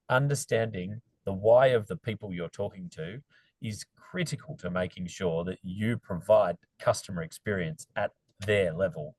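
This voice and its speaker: A man speaking as a panelist in an online discussion, telling stories in an animated, emphatic way on a video call. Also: lowish voice, dry recording, rough recording.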